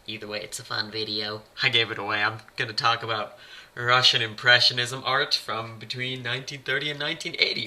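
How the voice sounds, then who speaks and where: A man's voice: medium pitch, pushed and bright. A man giving casual vlog commentary in a chatty, wry, rambling way. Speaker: vlogger. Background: music playing.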